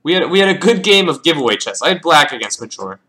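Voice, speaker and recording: A man's voice: a little high, big pitch swings, fast talker, sharp tone, slight background noise. A man casually reviewing his own chess games, thinking aloud as he calls out the moves and often repeating words. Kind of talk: casual game analysis.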